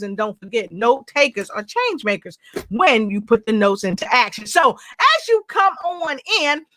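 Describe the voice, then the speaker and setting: A woman hosting a livestream talk show, energetic and full of repeated hype and call-and-response. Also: sits high, no echo. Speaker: show host.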